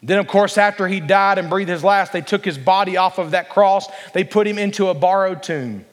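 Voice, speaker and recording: High-voiced pastor preaching in a reverberant hall. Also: male voice. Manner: earnest preaching, slows down to read scripture aloud, asks the congregation to respond. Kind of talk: sermon.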